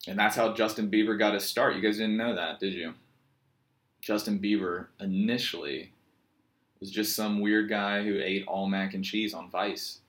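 A yoga teacher and vlogger from Virginia speaks in a very low voice with a Virginian accent, addressing his viewers directly at normal speed. His loose, rambling monologue wanders between stories and deadpan jokes, often at his own expense.

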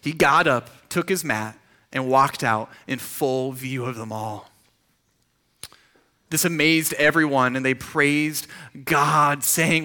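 Bright-voiced man preaching conversationally. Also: mid-range voice. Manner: conversational, with quick restarts and rhetorical questions. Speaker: pastor. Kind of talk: sermon.

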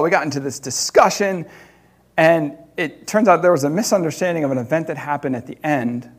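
A man preaching, telling a personal story in an animated way with laughter between loud and hushed moments. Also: a little high.

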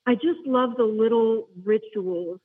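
A man's voice: very high-pitched, unhurried. Enthusiastic man on a tinny phone line. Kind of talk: casual podcast chat.

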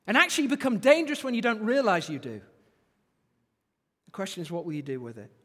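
Male preacher, very high voice, animated delivery, long reverb of a hall. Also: quick pace. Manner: animated, rising and falling emphasis, repeats phrases for effect. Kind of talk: sermon.

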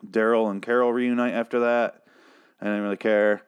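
A man's voice: on the low side, little pitch movement, unhurried, clean tone. A man ranting sarcastically and with lots of swearing while reviewing a TV episode in casual talk. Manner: profane, exasperated, sarcastic.

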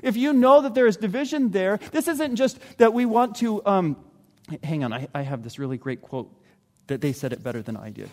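A man with a high, light voice preaches a sermon in a church. He stays earnest and conversational and sometimes slips into the voices of ordinary people. A long reverb hangs behind each phrase. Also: brisk, a little mellow. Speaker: pastor. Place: church sanctuary.

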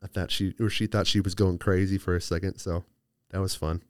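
Low-voiced man rambling on a podcast. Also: little pitch movement, a little fast, darkish tone, no room sound, clean studio sound. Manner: rambling, playful, restarts mid-sentence. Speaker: podcast host. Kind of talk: casual solo chat.

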